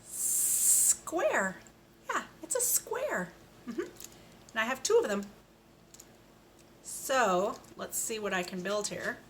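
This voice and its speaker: A woman teaching speech sounds to a young child, speaking slowly and patiently with bright, clear tone. Each sound is modeled deliberately and encouragingly. Faint ambient noise in a small room. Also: medium pitch. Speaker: speech therapist.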